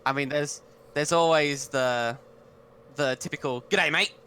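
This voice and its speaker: A man's voice: medium pitch, fairly even intonation, measured pace, a bit bright, a little hiss or hum. A man, chatting casually as a podcast co-host and thinking aloud as he talks. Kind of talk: casual online podcast chat.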